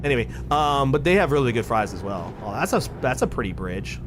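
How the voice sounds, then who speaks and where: A man's voice: medium pitch, very animated, fairly quick, noisy background. A man chatting casually on a live stream while playing a game, rambling, thinking aloud and swearing freely. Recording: clear music playing behind.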